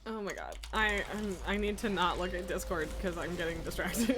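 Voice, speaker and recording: A woman's voice: fairly low pitch, animated, moderate pace, noisy background. A woman streaming a video game, chatting casually, laughing often and swearing freely while she plays. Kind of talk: casual live-stream chat.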